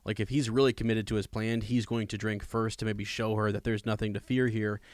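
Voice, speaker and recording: A man's voice: lowish voice, flat delivery, a little fast, no room sound, clean studio sound. A man in casual conversation about a book, talking in a rambling way with many restarts and emphatic asides. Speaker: podcast co-host discussing a book. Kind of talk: casual chat with read-aloud passages.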